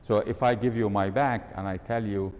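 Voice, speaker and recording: A workshop speaker talks at normal speed in a steady, slightly mellow tone, quizzing listeners and demonstrating tones of voice at a live event hall. The recording is muffled, with long hall reverb and faint rumble.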